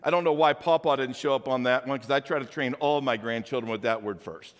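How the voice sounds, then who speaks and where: An older man preaching a sermon as a pastor, talking conversationally with animated rhetorical questions. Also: mid-range voice, fast talker, big-room sound.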